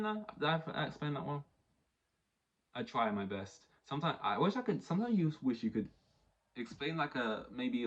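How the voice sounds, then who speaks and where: A young man, rambling through a casual solo podcast with lots of fillers and restarts. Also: mid-range voice. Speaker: podcast host. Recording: dull lo-fi recording.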